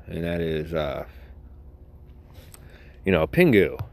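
Low-voiced sarcastic man rambling on a podcast. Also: lively intonation, slow, very noisy. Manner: sarcastic, crude, laughs at his own jokes. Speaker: podcast host. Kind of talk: rambling solo podcast talk.

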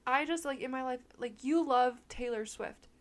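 A young woman with a slightly high voice co-hosts a podcast. She chats in a loose, playful way and giggles often. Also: moderate pace. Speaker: podcast co-host. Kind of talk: casual chat.

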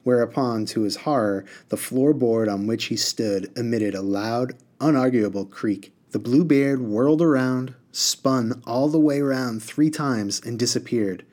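A man reading a novel aloud and discussing it, in a measured, clear way. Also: mid-range voice, a little mellow. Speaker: book discussion reader.

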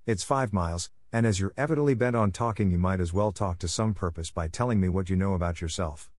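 A man's voice: sits low, fast talker, a little mellow, no room sound, lightly acted. A man reading the part of a stern, blunt older woman in an audiobook, curt and moralizing.

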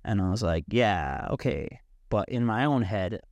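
Animated man telling a story, dry sound. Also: on the low side, unhurried, no room sound. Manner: animated, swears freely, acts out quotes. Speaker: podcast guest. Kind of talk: casual storytelling.

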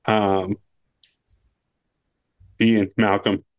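A man co-hosting a podcast, chatting casually about a movie in a relaxed way, often saying "like" and "um". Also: lowish voice, extremely slow. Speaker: podcast co-host.

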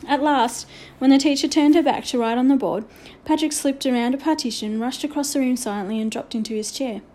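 A woman reads a children's story aloud with measured, expressive narration. Her voice sits slightly high and sounds mellow and rounded. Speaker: audiobook reader.

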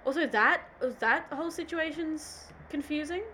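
A woman's voice: high voice, moderate pace, pushed and bright, slight background noise. A young woman co-hosting a casual podcast chat, rambling with lots of 'like' and 'um' and trailing off mid-thought. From Australia. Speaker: podcast co-host.

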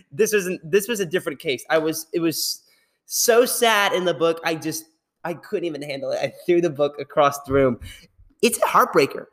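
A young man hosting a podcast, talking casually in a rambling, animated way and laughing often. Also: a little high, moderate pace. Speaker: podcast host.

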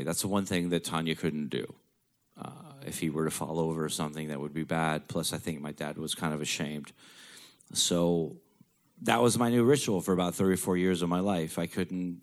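Blunt, profane male storyteller. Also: low voice. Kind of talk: candid personal storytelling.

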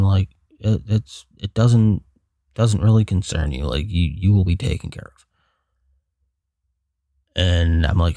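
A man with a very low, gravelly voice rambles frankly through a solo podcast monologue. He sounds frustrated and low, and swears now and then. The recording is dry and close, with no room sound. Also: steady tone, moderate pace, darkish tone, no echo. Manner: frank, rambling venting with profanity. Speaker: podcast host.

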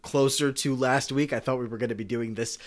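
In a casual podcast recap, a male co-host with a mid-range voice talks fairly quickly in a steady tone. He tends to ramble, sprinkling in many filler words.

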